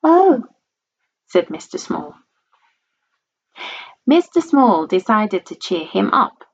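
A woman reading a children's storybook aloud in a playful, expressive way. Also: mid-range voice, slow pace, vocal fry, breathy edge. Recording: dull lo-fi recording.

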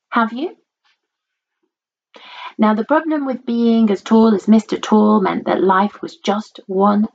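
A woman reading a children's storybook aloud in a playful, expressive way. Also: medium pitch. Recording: dull lo-fi recording.

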